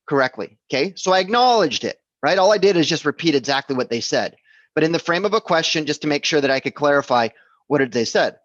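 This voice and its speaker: A man's voice: a little high, expressive, quick pace, fairly bright tone, no room sound, lo-fi sound. A man teaching real estate sales in a casual instructional talk, conversational and repetitive, checking in with his listeners as he goes. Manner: conversational, repeats himself, checks in with "okay?" and "right?".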